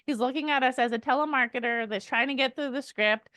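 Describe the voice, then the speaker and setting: A woman coaching a sales team in an energetic, emphatic way, acting out sample call lines. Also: sits high, fast talker, dry recording. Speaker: sales trainer.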